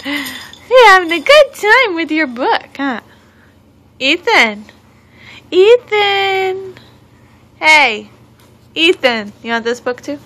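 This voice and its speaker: High, sing-song mother doing baby talk. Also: big pitch swings, unhurried, pushed and bright. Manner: sing-song, coaxing, with gasps of delight. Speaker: mother filming her baby. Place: indoors at home, child's room. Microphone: home video camera.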